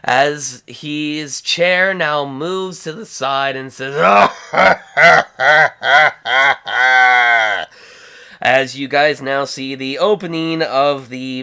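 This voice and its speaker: A man's voice: medium pitch, sharp tone, smooth. A man running a tabletop game as game master, narrating in a rambling way with many restarts.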